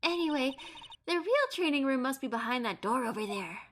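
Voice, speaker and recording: A woman's voice: high voice, animated, a little fast, a bit bright, slight background noise. A woman doing a bubbly young sidekick girl. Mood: playful. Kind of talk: reading game dialogue aloud. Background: game music.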